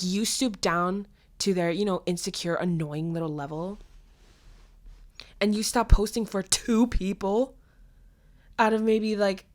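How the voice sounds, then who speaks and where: A young woman hosting a casual solo podcast, telling a story and giving blunt, animated advice in which she acts out voices. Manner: animated storytelling, acts out quoted voices with big pitch jumps; frank and blunt, with mild swearing. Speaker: podcast host.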